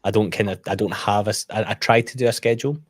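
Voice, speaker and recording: A man's voice: fairly low pitch, steady tone, quick pace, dry recording, clean studio sound. A man chatting as a guest in a casual roundtable, candid and self-deprecating in his stories. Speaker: guest co-host.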